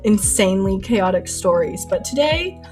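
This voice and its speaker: A woman's voice: mid-range voice, very animated, normal speed. A young adult woman streaming while she paints, chatting casually, laughing often and telling stories animatedly. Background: soft lo-fi music.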